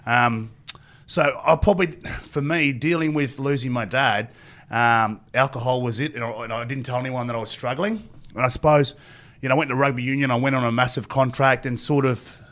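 A middle-aged Australian man speaks as an interview guest, telling long stories at a quick clip. His voice sits in an ordinary middle range. He rambles from one anecdote to the next and acts out what other people said. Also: mid-range voice, fairly even intonation, fairly bright tone. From Queensland, Australia. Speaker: guest, former rugby player. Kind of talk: storytelling interview.

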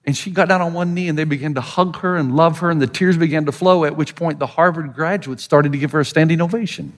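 On the high side and fast, this middle-aged man preaches with an American Southern accent. The pastor, from the Southern United States, acts out the people in his lively stories.

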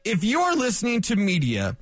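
Animated, blunt sports radio man. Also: sits high, brisk, no echo. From rural area. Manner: blunt, animated, mocking impressions. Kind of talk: solo sports talk rant.

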